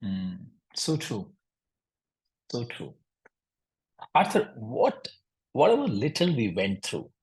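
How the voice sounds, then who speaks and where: Slow-speaking low-voiced male host. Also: low-quality recording. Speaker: podcast host. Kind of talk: interview conversation.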